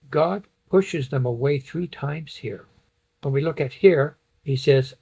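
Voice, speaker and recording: A man with a husky, breathy voice at a middle pitch leads a Bible study lesson. He walks through a passage on slides point by point and reads verses aloud as he explains them. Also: moderate pace, a little mellow, rough recording. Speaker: Bible teacher.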